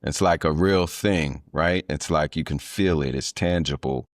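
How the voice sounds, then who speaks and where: A man's voice: extremely low pitch, a little slow, no echo, studio quality. A man hosting a podcast, talking in a laid-back, affirming way. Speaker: podcast host. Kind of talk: casual interview talk. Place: in Thailand.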